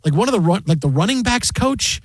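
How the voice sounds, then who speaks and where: A man's voice: high-pitched, brisk, breathy edge, dry recording. A man hosting a sports radio show, animatedly telling a story in casual chat. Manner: animated storyteller, acts out other voices. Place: radio studio.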